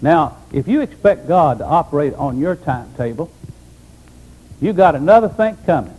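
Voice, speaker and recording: A man pastor preaching an emphatic sermon, dropping low for solemn points. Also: lively intonation, normal speed, muffled recording.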